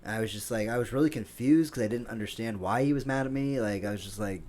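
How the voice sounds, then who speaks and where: Fast-talking man telling a rambling story. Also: fairly low pitch, darkish tone. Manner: rambling storyteller, laughs often. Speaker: podcast co-host. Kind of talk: casual comedy podcast chat. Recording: faint noise, home studio.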